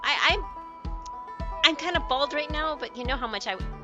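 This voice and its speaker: A woman's voice: high voice, animated, moderate pace. A woman streaming a game, chatting with viewers in a giggly, rambling way and telling stories. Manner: chatty, giggly, tells anecdotes. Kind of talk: casual chat with stream viewers. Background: game music.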